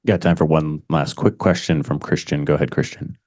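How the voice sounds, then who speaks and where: A man moderating a press conference, brisk and businesslike. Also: a bass voice, steady tone, darkish tone, no echo, clean studio sound.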